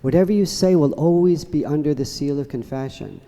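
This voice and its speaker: A man's voice: a little high, brisk, dark tone. A man, a priest, giving a sermon with a humorous story in a church. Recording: church reverb.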